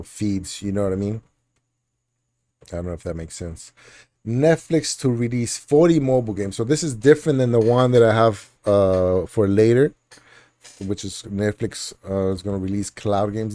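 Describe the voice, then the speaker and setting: Man, low voice, mellow tone, dry close sound, casual chat host, laughs a lot, rambling. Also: no room sound. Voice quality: laughs often, jokey and rambling. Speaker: podcast host. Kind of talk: casual chat reading gaming news.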